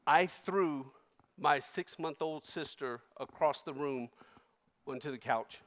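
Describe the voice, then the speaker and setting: A man on stage delivering a keynote as an emotional personal story, his voice rising loud and then dropping hushed. His tone sits a little high for a man, and a long reverb of a large hall trails each phrase. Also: slow. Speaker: keynote speaker.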